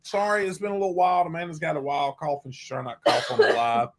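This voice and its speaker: A man's voice: on the high side, lively intonation, quick pace, background noise. A man with a Southern US accent co-hosting a casual livestream, teasing and rambling as he chats. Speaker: co-host of a travel livestream.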